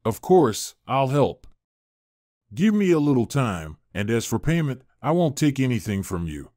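A man's voice: medium pitch, very animated, measured pace, darkish tone, no room sound, clean studio sound. A man voicing a kind, modest young vagabond who talks earnestly and frankly.

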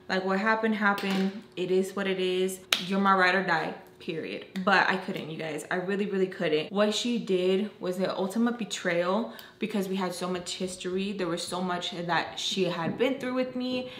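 A young woman tells a storytime from her own life and acts out each quote with lively energy. Her voice has an average pitch. It echoes around a room, and a faint hiss of noise sits underneath it. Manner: animated, acts out quotes, lots of "like". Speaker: storyteller vlogger. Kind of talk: casual storytime.

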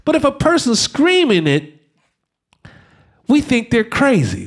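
A man doing a profane stand-up comedy set on stage, swinging from shouting to a hushed mock-calm voice. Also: extremely high pitch, a little slow, long pauses. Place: stage before a live audience.

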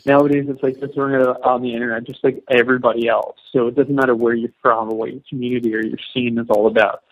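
A man's voice: mid-range voice, level tone, fast talker. A man from Canada, a musician, answering interview questions casually in a rambling way with many fillers and restarts. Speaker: musician guest. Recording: dull lo-fi line.

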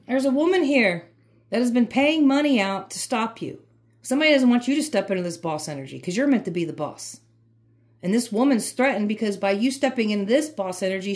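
A woman's voice: on the high side, a little mellow. A woman giving an emphatic, repetitive, fired-up tarot reading. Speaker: tarot reader.

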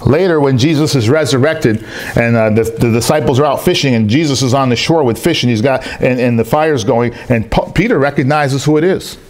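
A man with a medium-pitched, brisk voice preaches a sermon as pastor at a church service held in a rented hall, with a little hiss or hum on the recording. He's an animated storyteller, acting out the voices of the people in his stories.

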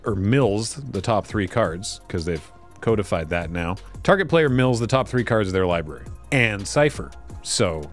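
A man hosting a casual card pack review, reading card text aloud and making wry asides. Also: lowish voice. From Canada. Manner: lively, wry, reads card text aloud then riffs. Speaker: host opening card packs.

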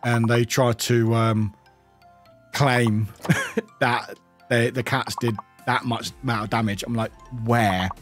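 A man from the United Kingdom streams a game and chats casually with his viewers, rambling, laughing often and swearing freely. His mid-range voice is fairly even in intonation and slow, with long pauses, over soft background music.

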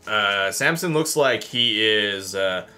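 A man chatting as a player at a board game table, speaking hesitantly with many pauses. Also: fairly low pitch, expressive, pushed and bright. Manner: slow, hesitant, lots of uh. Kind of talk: casual chat at the game table.

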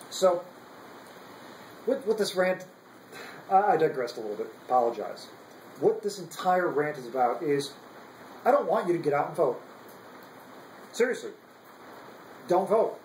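A man's voice: on the high side, a little mellow, echoey room, a little hiss or hum, poor audio. Angry, profane man ranting. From United States. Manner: profane, heated, repetitive. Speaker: active duty service member. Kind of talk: angry political rant.

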